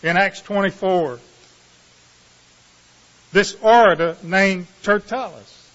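A man preaching a sermon, reading scripture slowly with dramatic pauses before explaining it with dry asides. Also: sits high, fairly bright tone. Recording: muffled, reverberant hall sound.

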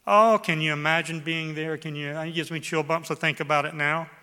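A man delivers a sermon in a bright, forceful, slightly high voice. He reads scripture with heavy emphasis and draws out the key words. His voice rings through a large church hall with a long echo. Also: steady tone, a little fast, clear, resonant tone. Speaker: pastor.

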